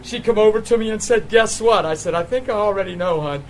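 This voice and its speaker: A man with a high voice preaches, telling a healing testimony in an animated way and often laughing. His voice leaps up when he gets excited. Faint ambience hums behind him. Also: fast, a little hiss or hum, rough recording.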